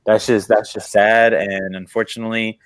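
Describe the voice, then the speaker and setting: Low-voiced man venting about his team. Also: flat delivery, normal speed. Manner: earnest, exasperated fan opinions with many fillers. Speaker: podcast co-host. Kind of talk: casual sports talk.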